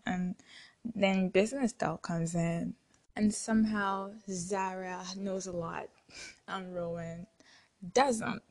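A young woman talks through a favorite book in a relaxed podcast chat. She gushes as she goes and keeps dropping into quick quoted lines while she retells the scenes. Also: medium pitch. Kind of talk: casual book review chat.

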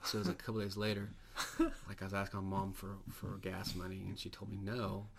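A man's voice: sits low, monotone, quick pace, vocal fry. A man in his thirties, a podcast co-host rambling and cracking crude jokes in casual chat. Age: 30s. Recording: noisy background.

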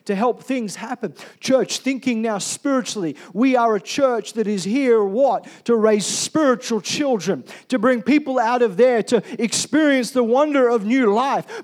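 A male pastor preaching a sermon, swinging from loud emphatic calls to soft, quiet storytelling. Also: very high voice, a little slow, few pauses.

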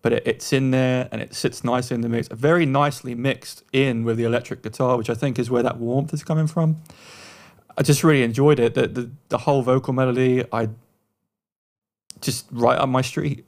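A man's voice: mid-range voice, steady tone. Podcast guy in a middle voice, likes the song a lot, keeps stumbling over his words. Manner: warm praise, halting starts and repeated words. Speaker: podcast co-host. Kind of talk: casual chat reviewing songs.

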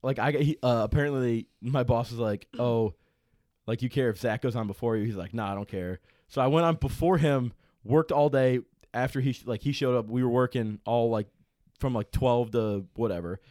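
A man's voice: mid-range voice, moderate pace, mellow, no echo, studio quality. Young man rambling a bar story. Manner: rambling storytelling, heavy swearing, many restarts. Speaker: podcast co-host. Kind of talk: casual chat.

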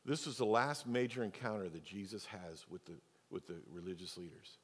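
A male pastor preaching a sermon, moving between loud, emphatic stretches and quiet, low asides. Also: moderate pace, slightly rough. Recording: long church reverb.

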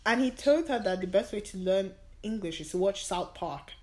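A young woman co-hosting a casual podcast, telling animated stories and laughing often. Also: medium pitch, moderate pace. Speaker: podcast co-host. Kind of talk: casual chat.

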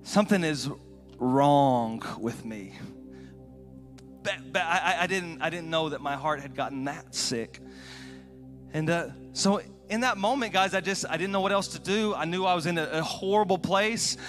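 A middle-aged man preaching a sermon, telling a personal story with emotion, moving from hushed confession to shouting. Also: a little high, expressive, normal speed, faint music behind. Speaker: guest preacher.

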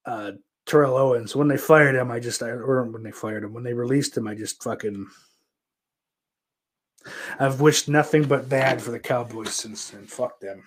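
A man from Western New York streams and chats casually, answering viewer questions in a rambling, profane manner while often interrupting himself. His mid-range voice moves at a normal speed.

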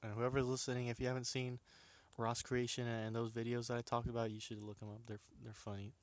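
A man's voice: mid-range voice, level tone, fast, no echo. A young man casually retelling funny videos, rambling with restarts, laughing often and using plenty of slang. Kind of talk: casual storytelling chat.

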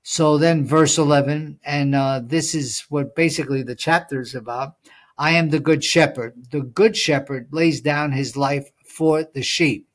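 This co-host is a man whose voice is fairly high and fairly even, his delivery a little slow. The podcast is an informal Bible study, and he ponders points with lots of fillers while reading scripture out loud.

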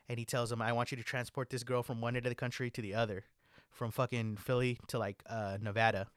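A man's voice: mid-range voice, flat delivery, fast talker, smooth, no echo. Laid-back young man, heavy on "like". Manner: laid-back, swears a lot, says "like" constantly. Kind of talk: casual chat. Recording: dry close mic.

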